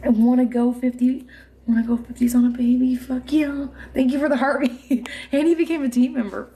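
A woman's voice: high-pitched, steady tone, brisk, warm tone, slight background noise. Tipsy, giggly woman livestreaming from home. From Indiana, USA. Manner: chatty, giggly, swears freely, tipsy. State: a little drunk. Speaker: livestream host. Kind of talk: casual live-stream chat reading comments. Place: home room with mounted trophies.

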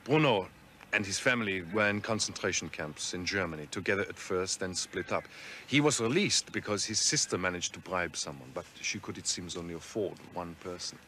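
A calm, measured internee. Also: male voice, deep voice, slight background noise. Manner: measured, quiet and careful. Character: calm, thoughtful foreign male internee. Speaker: interned prisoner. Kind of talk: 1980s television drama.

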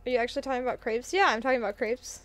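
A young woman streams a game and talks casually to her chat, giggly and quick to get excited. Her voice sits high. Keyboard typing is heard behind her.

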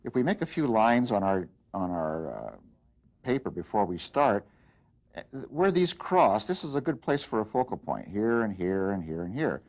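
A man teaching an art lesson, explaining design principles in an unhurried way as he works, with frequent pauses and restarts. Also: lowish voice, sing-song, a little mellow. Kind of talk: demonstration lesson.

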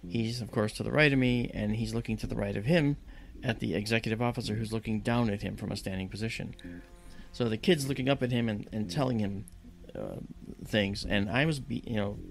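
A man telling a story on a podcast in a lively, casual way and acting out the dialogue. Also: on the low side, a little fast, gravelly. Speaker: podcast guest. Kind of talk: casual spoken anecdote.

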